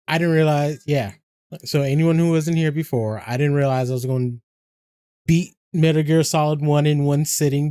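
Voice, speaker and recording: A man talks loosely to his stream audience, rambling from one thought to the next and peppering it with swearing and laughs. His voice sits a little on the high side for a man, and it is recorded close and dry with no room sound. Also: darkish tone, clean tone, no echo. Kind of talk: casual stream chat.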